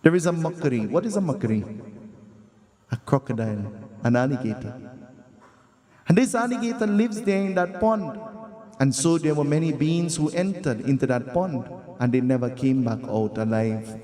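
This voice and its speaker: A man's voice: fairly high pitch, animated, moderate pace, long pauses, dark tone. A Trinidadian-accented man, a pundit, giving a devotional sermon, telling a story and asking his audience questions in a conversational way. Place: large hall at a festival celebration. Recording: long hall reverb.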